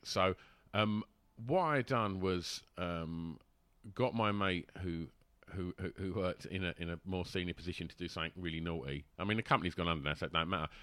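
Guy spinning a yarn, lots of ums and restarts, chuckling, bright voice, real dry sound. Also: deep voice, dry recording. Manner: rambling, laughing, full of fillers and restarts. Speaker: guest telling a story. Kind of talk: casual anecdote.

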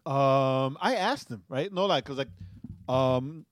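Casting: young male podcast co-host from Puerto Rico, animated storyteller, close dry mic. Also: medium pitch, slow, dry recording. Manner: animated storyteller, laughs often. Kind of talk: casual chat.

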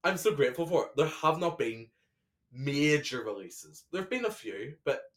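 A man's voice: a little high, big pitch swings, moderate pace, a bit bright. A man co-hosting a podcast in casual chat, talkative, swearing and laughing often. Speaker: podcast co-host.

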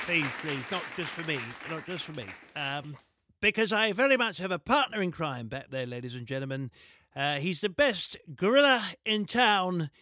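Theatrical, high-pitched man. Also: sharp tone. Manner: theatrical, flustered maître d' act. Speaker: comedy podcast co-host. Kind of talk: improvised comedy sketch.

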